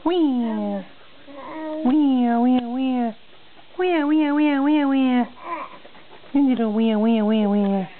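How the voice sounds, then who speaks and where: A woman's voice: high voice, very slow, long pauses. A woman talking to a baby in a home video, repeating singsong words. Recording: phone-like sound.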